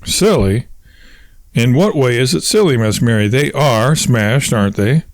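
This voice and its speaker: A man's voice: medium pitch, animated, measured pace, dry recording. Brief: man reading a self-important, wordy husband who lectures; dry voice. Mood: pompous. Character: pompous long-winded husband, self-styled colonel.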